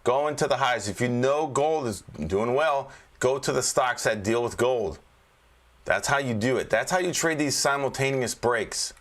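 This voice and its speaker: A man's voice: medium pitch, moderate pace, a bit bright. A man, a trading coach, giving a casual screen-share market review, chatty and joking, often checking in with listeners. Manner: chatty and joking, keeps checking in with "all right?".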